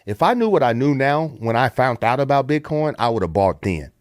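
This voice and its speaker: American man, middle-aged, lively swooping pitch, dry close sound, casual swearing storyteller. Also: moderate pace, dry recording. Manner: animated storyteller, puts on voices for quotes, swears freely.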